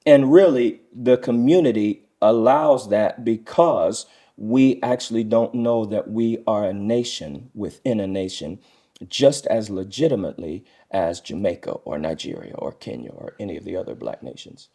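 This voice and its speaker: A man's voice: fairly low pitch, animated, normal speed, warm tone. A middle-aged man speaking earnestly as a guest in a casual discussion, often acting out quoted speech in a raised voice.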